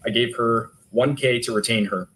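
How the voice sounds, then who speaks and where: Guy testifying, reading texts out slow and even, faint hiss on the court audio. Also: medium pitch, low-quality recording. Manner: steady, measured reading. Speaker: detective witness. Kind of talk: reading text messages aloud in court.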